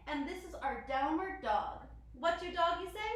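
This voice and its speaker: Barely pausing, a young woman with a very high, fairly bright voice leads a children's yoga class at a moderate pace, cheerful and encouraging and mimicking animals along the way. The sound comes from far off in a very echoey room.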